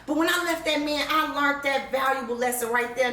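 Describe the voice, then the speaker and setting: A woman vlogger tells her own story candidly, bluntly and with profanity, laughing often yet sounding emotional and near tears. Her voice is high, bright and forceful, moving fairly quickly with few pauses. The mic is distant, with roomy echo and faint background noise.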